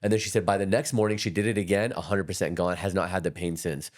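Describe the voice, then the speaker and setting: A man with a very low voice tells long stories at a rapid clip, restarting his sentences often. He speaks as an energy healer on a podcast, loose and conversational. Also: fairly even intonation. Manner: rapid, rambling storytelling with many restarts.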